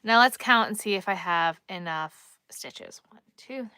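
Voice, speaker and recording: A woman's voice: mid-range voice, a little slow, pushed and bright, clear, resonant tone. A woman with a Long Island accent hosting a crochet live stream, chatting casually and thinking aloud as she works and reads the chat.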